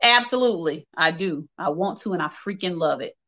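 Bright-voiced chatty woman livestreamer. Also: fairly low pitch, lively intonation, brisk, muffled recording. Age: adult, working age. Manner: chatty, candid, laughs often, speaks to viewers directly. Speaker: livestream host reading viewer comments. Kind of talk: casual livestream chat.

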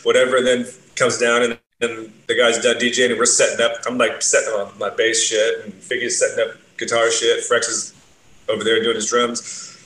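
A man's voice: medium pitch, little pitch movement, moderate pace, sharp tone. Laid-back swearing man in a roomy space. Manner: laid-back, rambling, profane. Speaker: bassist. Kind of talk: casual storytelling, heavy swearing. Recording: roomy echo, faint noise.

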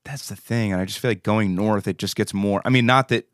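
A man's voice: lowish voice, a little fast, no room sound, studio quality. A man with a Philadelphia-area accent co-hosting a podcast, rambling and sarcastic in casual chat. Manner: rambling, sarcastic, trails off mid-sentence. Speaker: podcast co-host.

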